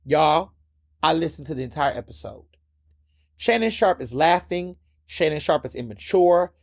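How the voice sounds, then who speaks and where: A man's voice: on the high side, animated, normal speed, no echo, studio quality. A man hosting his own podcast, giving blunt, impassioned solo commentary and repeating words when worked up. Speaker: podcast host.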